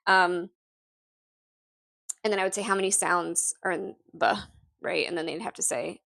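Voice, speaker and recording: On the low side and gravelly, this woman's voice keeps a steady tone at normal speed, a little bright and free of echo. She's a teacher presenting her materials, explaining her lesson packets hesitantly, with many ums, restarts, and light laughter.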